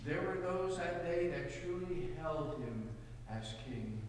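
A man preaching a sermon as a pastor, telling a parable with dramatic, loud punches on quoted lines. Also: fairly high pitch, slow pace, a little hiss or hum. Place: church. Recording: echoey hall, mic at a distance.

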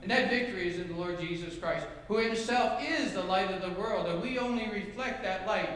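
A pastor delivering a sermon in a high, light voice, earnest and folksy, pausing now and then to gather his words. He is heard in a large church sanctuary with a long, echoing reverb. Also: a bit bright, slight background noise. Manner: earnest preaching with folksy asides. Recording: echoey church hall.

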